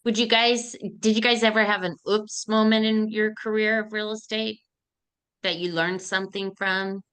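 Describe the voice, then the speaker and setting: Bright, crisp woman interviewer. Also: medium pitch, little pitch movement, moderate pace. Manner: upbeat, brief questions. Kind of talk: casual interview.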